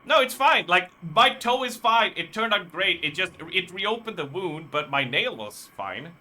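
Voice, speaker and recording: Bright-voiced man rambling on stream. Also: high voice, big pitch swings, measured pace. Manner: rambling, profane storytelling. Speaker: live streamer. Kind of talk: casual live-stream chat.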